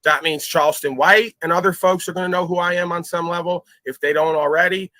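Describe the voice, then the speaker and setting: A man hosting a livestream, ranting in a profane, boastful way that jumps between loud outbursts and low muttering. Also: fairly even intonation, brisk, dry recording. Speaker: livestream host.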